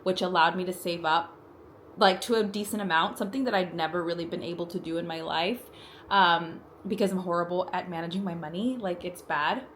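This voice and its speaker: A woman's voice: on the low side, steady tone, a little fast, a bit bright, a little hiss or hum. A young adult woman vlogger telling a personal story in casual chat while doing her makeup, talking in a chatty way with frequent "like" fillers, at home in her apartment.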